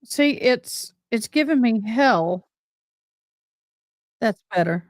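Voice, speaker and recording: A woman's voice: a little high, animated, slow, no echo, studio quality. A woman from Missouri, hosting a livestream in a chatty, rambling, folksy way. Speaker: livestream host. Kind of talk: casual livestream chat.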